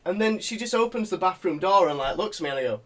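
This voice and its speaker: A man's voice: high voice, animated, fast talker, fairly bright tone. A man in casual podcast chat, telling a dream story animatedly, swearing and laughing as he goes. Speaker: podcast co-host.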